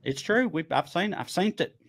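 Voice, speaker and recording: A man with a Southern US accent, a podcast co-host and comedian telling stories in casual chat, animated and quick to put on voices. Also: high-pitched, husky. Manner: animated storyteller, puts on voices and quotes.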